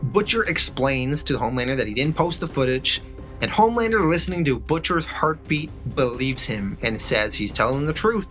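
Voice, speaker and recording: Man, casual comic recap, bright voice, faint music underneath. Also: medium pitch, expressive, moderate pace. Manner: loose, repeats "and then". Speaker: comic book reviewer.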